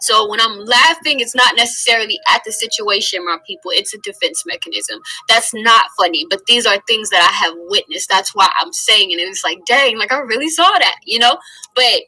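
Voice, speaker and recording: Woman, Bible teacher, bright tone, higher voice, earnest, conversational. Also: animated, breathy edge, rough recording. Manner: earnest, conversational, drawn-out emphasis on key phrases.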